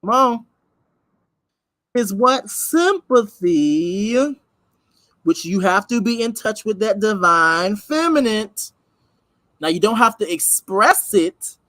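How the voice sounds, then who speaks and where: Animated woman commenting on a text. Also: mid-range voice, dry recording. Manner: emphatic and conversational, repeating key words and breaking off to address viewers. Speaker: host of a reaction channel. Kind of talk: commentary vlog, reading a text aloud and reacting.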